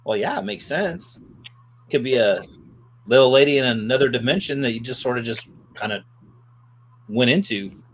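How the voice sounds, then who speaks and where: A man's voice: medium pitch, animated, moderate pace, pauses often, slight background noise. A man co-hosting a live show, chatting and explaining ideas in an easygoing way. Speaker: co-host. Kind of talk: casual chat.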